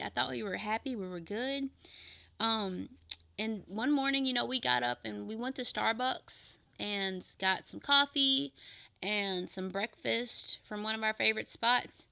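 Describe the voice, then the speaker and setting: Young female podcast host, bright and smooth with a gravelly edge, dry close sound, candid confessional telling. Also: mid-range voice, no room sound. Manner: candid, rambling with fillers and restarts. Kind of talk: personal testimony.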